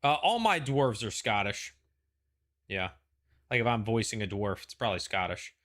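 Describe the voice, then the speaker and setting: Bright-voiced man in casual chat. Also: lowish voice, big pitch swings, normal speed. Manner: rambling, lots of "like" and "you know". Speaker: show host.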